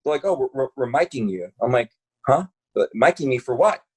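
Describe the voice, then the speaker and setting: A man's voice: mid-range voice, a little fast, slightly rough. A man, telling stories in a casual podcast chat, acting out the voices of the people he quotes. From Brooklyn, New York. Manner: animated, acts out quoted voices, lots of swearing and fillers. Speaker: podcast guest. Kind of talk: casual storytelling.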